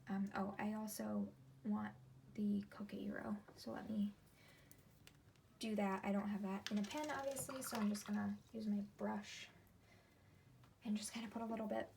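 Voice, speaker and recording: Her voice is fairly high and creaky, and a slight hiss or hum sits under the recording. She's a woman in her thirties who collects ink and vlogs casually from her desk at home, rambling as she swatches and interrupting herself mid-thought.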